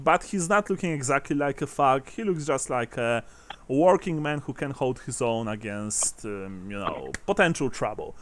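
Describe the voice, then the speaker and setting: Guy gm narrating a tabletop game, smooth clear voice, stumbly and jokey, swears a bit. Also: medium pitch. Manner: halting, laughing, swears casually. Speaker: game master.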